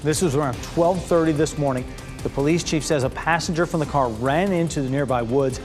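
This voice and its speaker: Guy reading the noon news, kinda high voice, upbeat, music clearly under him. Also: a little fast. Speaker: news anchor. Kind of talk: scripted newscast reading.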